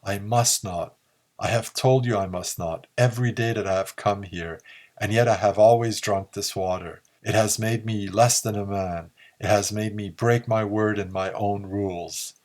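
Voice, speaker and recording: A man's voice: lowish voice, steady tone, normal speed, darkish tone, lightly acted. A man reading a tormented man fighting temptation. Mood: pleading. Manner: strained, pleading.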